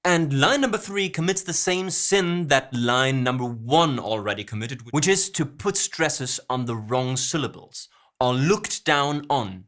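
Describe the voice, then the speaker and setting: A man's voice: a little high, a bit bright. A man teaching songwriting, picking apart lyric lines by quoting them and re-stressing the words. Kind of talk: lyric analysis lesson.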